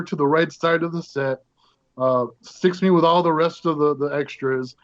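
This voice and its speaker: A man with a fairly high voice tells a story as a guest on a show, lively and animated, jumping into other people's voices as he goes. The audio is dull and lo-fi. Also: normal speed, dry recording. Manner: animated, acts out the other people in his stories. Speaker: guest actor. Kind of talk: casual storytelling.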